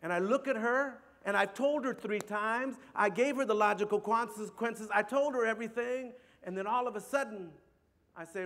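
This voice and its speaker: A middle-aged man telling a personal story to an audience in an earnest, halting way, often repeating words. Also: high-pitched, fairly bright tone. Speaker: speaker. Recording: long hall reverb.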